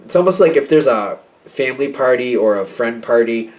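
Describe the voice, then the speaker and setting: A man's voice: medium pitch, a little fast, hardly any pauses, darkish tone. Rambling man reading tarot, distant mic. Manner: chatty, rambling, many fillers and quoted asides. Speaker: tarot reader. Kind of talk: casual tarot reading monologue.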